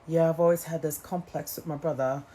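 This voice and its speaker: A woman's voice: sits low, fairly even intonation, a little fast, mellow. A woman doing an impression of a man from a dating show who talks about once being a shy nerd. It is a mock-earnest impression in an accent she herself is unsure of.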